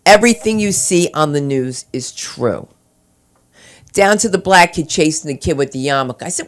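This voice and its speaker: On a club stage at an open mic, a stand-up comedian from New Jersey tells chatty stories in her New Jersey accent and breaks into loud voiced impressions. Her voice is deep and animated, at a normal speed.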